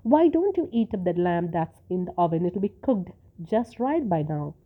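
A woman reading a story, voicing a grieving young housewife who is sweetly polite and quietly calculating, with a soft, pleading manner. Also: lowish voice, big pitch swings, moderate pace. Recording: tinny phone-like sound.

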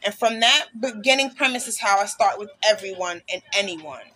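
A woman's voice: mid-range voice, fairly quick, bright, forceful tone. A woman hosting a casual podcast, talking bluntly and passionately, with plenty of swearing. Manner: blunt, profane, passionate ranting. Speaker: podcast host.

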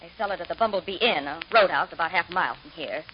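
Woman doing a defensive housewife, fast and bouncy, doesn't want trouble, lo-fi old radio. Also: lowish voice, natural voice. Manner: defensive, self-justifying. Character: evasive housewife witness, wants no trouble. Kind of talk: 1950s radio drama acting. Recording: dull lo-fi old radio broadcast, faint hiss.

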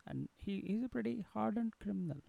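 A man's voice: high voice, lively intonation, brisk, vocal fry, no room sound, narrow, tinny audio, pitched above the performer's own voice, full character voice. A man voicing an offhand, dismissive male prison jailer.

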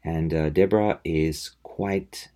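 A man's voice: extremely low pitch, fairly even intonation, takes it slowly, mellow. A man hosting a podcast, casually reviewing comics in a rambling, enthusiastic way.

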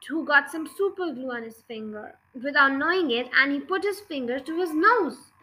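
A woman's voice: sits high, moderate pace, poor audio. A woman reading as a sly, innocent little girl. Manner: calm, innocently teasing. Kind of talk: storybook reading.

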